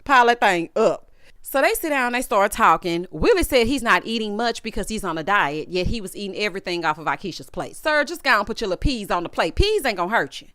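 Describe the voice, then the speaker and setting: Southern woman, sassy gossip recap, bouncy up-and-down delivery, smooth clear voice. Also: medium pitch, big pitch swings, fast talker, few pauses, a bit bright, dry recording, studio quality. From Southern United States. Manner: sassy and gossipy, calls viewers honey and y'all. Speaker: reality TV recap reviewer. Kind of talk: casual recap commentary.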